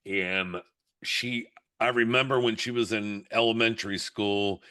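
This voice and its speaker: In casual podcast conversation, a middle-aged co-host with a lowish voice keeps a measured pace. He animates his stories by acting out whoever he's quoting.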